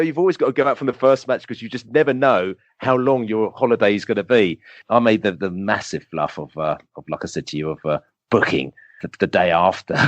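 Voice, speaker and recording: A man, a podcast guest telling animated, rambling football fan stories full of fillers. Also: fairly low pitch, dry recording, muffled recording. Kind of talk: casual storytelling interview.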